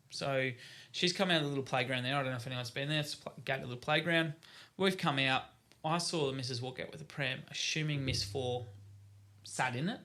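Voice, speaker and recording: An Australian man in his thirties tells family stories on a podcast, often breaking into laughter and acting out his toddler's lines. His voice has a gravelly edge and a bright, forward tone, and it sits at an ordinary middle pitch. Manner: laughing storyteller, acts out his kids' lines. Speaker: podcast co-host. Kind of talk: casual chat.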